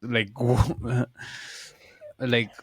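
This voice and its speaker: A man's voice: mid-range voice, little pitch movement, extremely slow, breathy edge, no room sound, studio quality. A man with an Indian accent, co-hosting a podcast in a friendly, chatty and self-deprecating way. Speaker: podcast co-host. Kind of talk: casual podcast interview.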